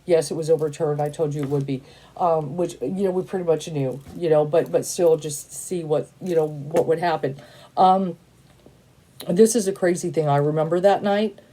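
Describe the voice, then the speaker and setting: A woman's voice: sits low, moderate pace, warm tone. A woman in her fifties, a tarot reader, talking in a blunt, casual monologue that keeps repeating itself and is full of "you know" and "and stuff". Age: 50s. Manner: emphatic, repetitive, peppered with "you know" and "and stuff".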